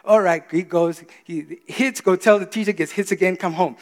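A man in his thirties preaching a sermon, animated, swinging between quiet confiding asides and loud exclamations. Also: sits high, normal speed, hardly any pauses. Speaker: pastor. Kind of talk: sermon with storytelling. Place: church. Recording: reverberant church hall.

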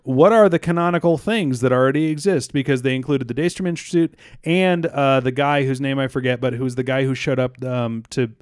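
A man's voice: mid-range voice, brisk, few pauses, clean tone, no room sound, clean studio sound. A young man co-hosting a casual podcast chat, rambling, stumbling over words, laughing and swearing often. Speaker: podcast co-host.

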